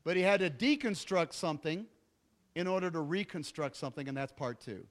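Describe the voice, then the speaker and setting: A man's voice: on the high side, lively intonation, fairly quick. A middle-aged man preaching a sermon, telling a story with jokey asides and acting out what people said. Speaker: pastor.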